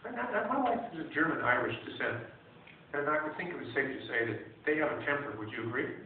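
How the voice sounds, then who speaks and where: A man telling a humorous personal story in a wry, animated way to a room, recorded on a phone from far off. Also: a little high, fast talker, vocal fry, noisy background. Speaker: speaker. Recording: distant echoey tinny phone recording.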